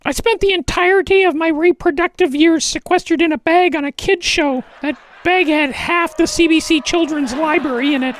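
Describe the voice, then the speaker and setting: A woman's voice: very high voice, normal speed, few pauses. A woman voicing a flippant, teasing male rooster puppet, the comic sidekick in a puppet comedy show. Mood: cheeky.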